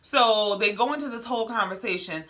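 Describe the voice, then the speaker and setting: A woman's voice: medium pitch, brisk, fairly bright tone. A woman hosting a reality TV recap, talking in a sassy, blunt, slangy way. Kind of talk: casual commentary.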